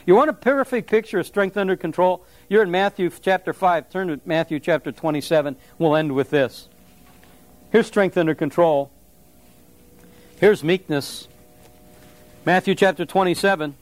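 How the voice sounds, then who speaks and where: High-voiced man preaching a lively sermon. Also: normal speed, dry recording. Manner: conversational, animated preaching with asides to the congregation. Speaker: pastor.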